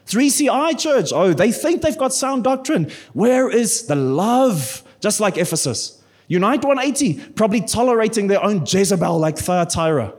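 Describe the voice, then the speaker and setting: A man's voice: sits high, lively intonation, normal speed, a little mellow, husky, heavily acted. Man mocking a smug armchair church critic. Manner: sarcastic, sneering.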